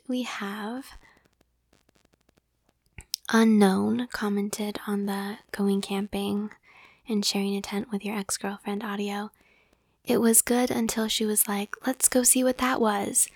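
A young woman reads comments in a soft, breathy whisper, giggling between them and poking fun at herself. Her voice is flat and gravelly, with little pitch movement. The mic sits close in a dead, dry space. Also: no echo. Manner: whispered, giggly, self-deprecating. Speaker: ASMR audio creator.

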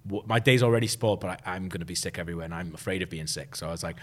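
A man's voice: low-pitched, very fast, a bit bright. A man, hosting a casual podcast chat and telling a long story with many fillers. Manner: rambling storyteller, lots of fillers. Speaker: podcast host.

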